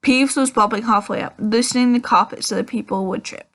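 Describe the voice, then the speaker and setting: A woman's voice: a little high, a little fast, a bit bright. A woman reading a children's novel aloud, with frequent ums and self-corrections. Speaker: audiobook reader.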